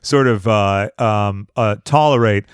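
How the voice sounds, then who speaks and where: A man's voice: on the low side, takes it slowly, clear, resonant tone, no room sound, studio quality. A man hosting a casual chat, mostly putting in short remarks of agreement and follow-up questions. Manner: brief agreeing interjections. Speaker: host.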